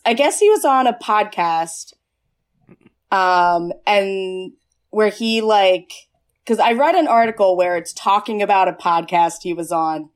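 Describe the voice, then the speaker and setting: A woman podcast host chatting casually about a movie, rambling with many fillers and restarts. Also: mid-range voice.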